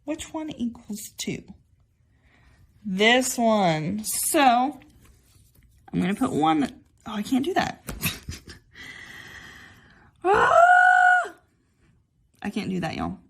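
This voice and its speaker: A woman's voice: medium pitch, big pitch swings, takes it slowly, creaky, pauses often, husky. A young woman teaching a music lesson to children at home, chatty and cheerful, often saying y'all.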